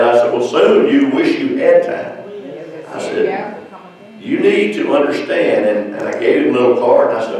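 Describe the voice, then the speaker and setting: A man preaching at a Bible study, telling stories slowly and acting out what people said. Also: mid-range voice, animated, a little mellow. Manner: slow storytelling with acted-out quotes. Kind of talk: church Bible study teaching. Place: church sanctuary. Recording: echoey church from far off.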